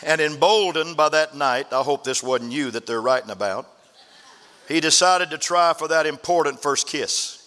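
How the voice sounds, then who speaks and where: A man's voice: normal speed, bright, forceful tone, big-room sound. A man preaching a sermon as pastor of his church, telling folksy stories and letting his voice drop hard at the ends of phrases. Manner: folksy storytelling preacher, emphatic drops in pitch at phrase ends. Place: church sanctuary.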